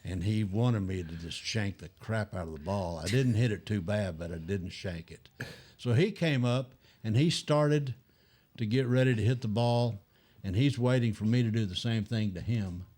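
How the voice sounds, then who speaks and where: An older man telling animated anecdotes as a guest in a casual chat, acting out other people's lines. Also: lowish voice, normal speed.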